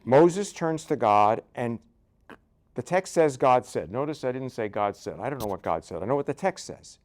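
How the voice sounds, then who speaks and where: A man's voice: medium pitch, lively intonation, normal speed. An older man, a rabbi, giving a conversational Bible lecture full of jokes and asides, often checking in with "right?". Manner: joking, keeps asking "right?".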